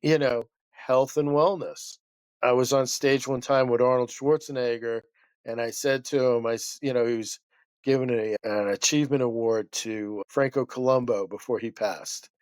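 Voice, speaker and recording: A man's voice: medium pitch, steady tone, normal speed, no echo. A man who is a guest chiropractor, telling a story in a rambling, passionate way that keeps interrupting itself.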